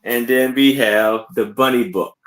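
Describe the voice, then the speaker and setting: A man co-hosts a live sale and walks through a picture book. He speaks slowly and plainly, in short simple phrases, with a voice of ordinary pitch. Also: steady tone. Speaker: co-host reading a picture book. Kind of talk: casual reading and chat.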